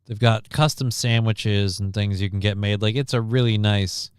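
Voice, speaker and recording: A man's voice: lowish voice, fairly even intonation, moderate pace, smooth, no room sound, clean studio sound. A man hosting a casual chat show, rambling and joking with plenty of swearing. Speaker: host.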